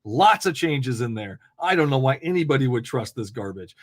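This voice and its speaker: A man's voice: medium pitch, expressive, normal speed. A man hosting a live call-in debate podcast, blunt, mocking and profane, laughing often. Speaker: host.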